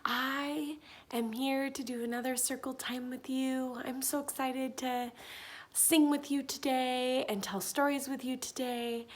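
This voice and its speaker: A woman who is a preschool teacher, leading a circle time for small children in a slow, sing-song, encouraging way. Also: high voice, level tone, a little mellow. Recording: echoey room with faint background noise.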